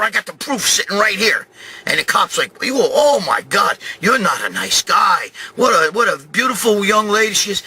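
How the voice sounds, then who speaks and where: A man in his sixties telling a profane comic story about a traffic stop, acting out the other people with animated voices. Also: high voice. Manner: animated, swearing, acts out quoted voices. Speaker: host. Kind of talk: profane comedic storytelling rant.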